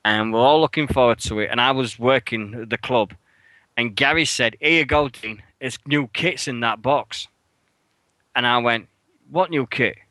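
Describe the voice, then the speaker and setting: A man co-hosting a radio show, telling an animated story with swearing and sudden jumps in pitch when he acts out his outrage. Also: normal speed, no echo, poor audio. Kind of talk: casual storytelling chat. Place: radio studio.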